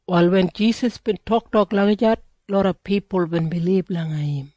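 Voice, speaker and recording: A woman with a Northern Australian Kriol accent, reading scripture aloud in a steady, measured storytelling way. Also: medium pitch, dry recording. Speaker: scripture reader.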